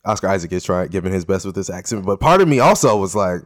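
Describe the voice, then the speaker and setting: Easygoing low-voiced podcast man. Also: expressive, fast talker. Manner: easygoing, thinks aloud, repeats words. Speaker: podcast co-host. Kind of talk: casual discussion of a TV episode.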